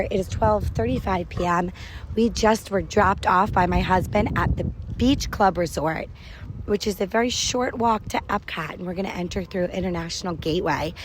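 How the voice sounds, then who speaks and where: A woman's voice: medium pitch, slight background noise. A woman in her thirties chatting on the go about a family park day, upbeat and rambling with self-corrections, sometimes out of breath from walking. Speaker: podcast host vlogging a family park trip. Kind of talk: casual on-the-go audio diary. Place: outdoors at a theme park, walking.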